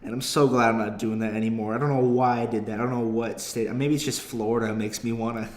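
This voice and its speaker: A young adult man, a comedian hosting his own podcast, rambles through a story in a profane, self-deprecating way. His mid-range voice is a little mellow, with fairly even intonation and a quick pace. It's a casual comedic podcast monologue, recorded with a roomy echo.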